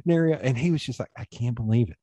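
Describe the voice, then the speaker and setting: Man, warm mellow voice, dry close sound, rambling anecdotes with acted-out dialogue. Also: mid-range voice, quick pace, husky, no room sound. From East Tennessee, USA. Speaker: podcast guest. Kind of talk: casual storytelling conversation.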